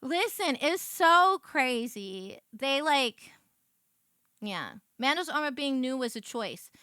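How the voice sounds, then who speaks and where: A young woman streamer chatting casually, ranting in an animated way and swearing as she goes. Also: sits high, slow, smooth, no echo, studio quality. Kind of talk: casual chat.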